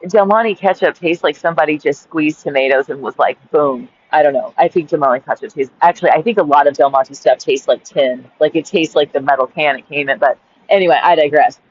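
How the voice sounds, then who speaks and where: Parked in her car beside a busy street, a vlogger with a deep, husky voice rants a little quickly in a casual, journal-like way. She's exasperated, swears, and keeps asking "right?", all captured in dull lo-fi sound.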